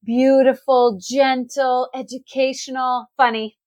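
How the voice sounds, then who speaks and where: A woman guest on a podcast, speaking gently and reflectively. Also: sits high, little pitch movement, takes it slowly, no room sound. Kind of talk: casual conversation.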